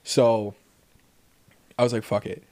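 A man co-hosting a podcast, telling a story in casual chat, swearing often and acting out the quotes loudly. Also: on the low side, slow pace. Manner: animated storyteller, profane, acts out quotes loudly. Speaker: podcast co-host.

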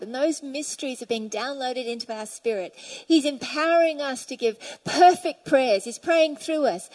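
Female preacher, high-pitched, fervent sermon delivery with scripture reading, church setting. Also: darkish tone, low-quality recording. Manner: fervent, reads scripture aloud and tells stories.

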